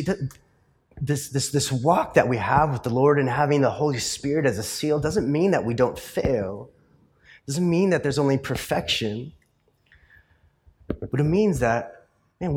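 A man's voice: medium pitch, a little mellow. A male pastor preaching a sermon in a conversational storytelling way, full of fillers and tag questions. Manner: rises to passionate emphasis in the closing points.

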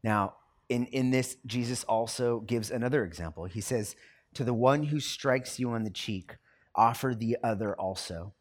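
A man's voice: medium pitch, normal speed. A man preaching a sermon as a pastor, talking conversationally and acting out everyday quotes.

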